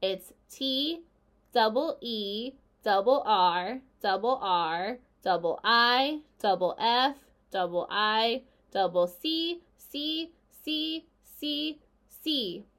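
A woman's voice: on the high side, animated, drawn-out words, fairly bright tone, exaggerated voice. A woman voicing a fussy male gander who stammers and repeats every word.

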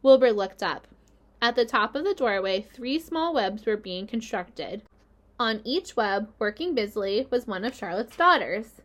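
Woman reading a kids book out loud, soft storytelling voice, fairly high. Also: animated, measured pace. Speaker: reader. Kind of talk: reading a children's novel aloud.

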